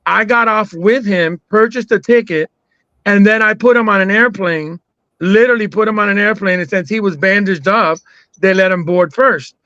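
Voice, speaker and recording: Bright high-voiced man, dry lo-fi sound. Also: normal speed, no echo. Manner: loose, profane, joking. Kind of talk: casual chat.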